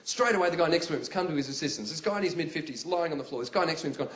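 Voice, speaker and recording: A man doing stand-up comedy, telling a story in an animated, conversational way. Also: on the high side, rapid-fire. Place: theatre stage. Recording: echoey live theatre with audience.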